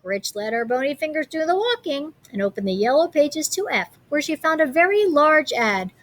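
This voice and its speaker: A woman reading a picture book aloud, animated, with playful comments on the pictures. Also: high voice, moderate pace. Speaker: storybook reader.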